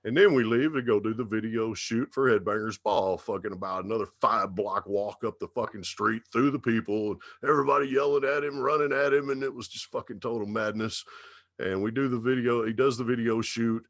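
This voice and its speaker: A man's voice: mid-range voice, steady tone, fairly quick, a bit bright, dry recording, studio quality. A man, a radio DJ appearing as a guest, telling rambling stories in casual talk with heavy swearing and laughter.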